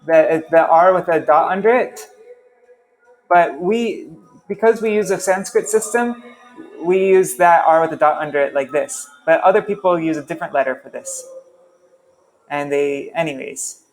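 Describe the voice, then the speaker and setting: A man teaching a relaxed language class, chatty and self-interrupting, who repeats sounds over and over to demonstrate them. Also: fairly high pitch, moderate pace, soft background music. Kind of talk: casual online class.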